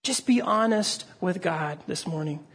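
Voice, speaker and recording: A middle-aged man preaches to his congregation in an earnest, pleading way, his voice rising as he presses a point. The tone is breathy and slightly husky. He speaks like a pastor drawing listeners toward a personal response. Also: sits high, lively intonation, measured pace, a bit bright. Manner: earnest, pleading, rises when stirred. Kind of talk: sermon. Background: gathered congregation.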